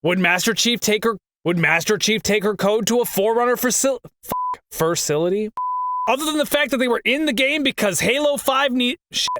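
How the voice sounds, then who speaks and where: A man's voice: extremely high pitch, pushed and bright, dry recording, studio quality. A man in his twenties reading a scripted game critique who keeps stumbling over words and swearing in frustration. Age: 20s. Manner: swears often, frustrated at his own misreads. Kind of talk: scripted critique narration with outtakes.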